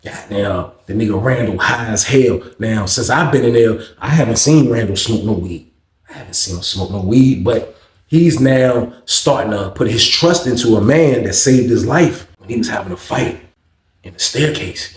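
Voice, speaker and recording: A man's voice: mid-range voice, roomy sound. A man telling a story casually and profanely, acting out the people in it. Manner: animated, profane, acts out quotes. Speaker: storyteller host.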